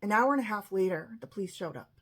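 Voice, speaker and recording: A woman with a husky voice telling an emotional personal story, often quoting what others said. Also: medium pitch, animated, quick pace.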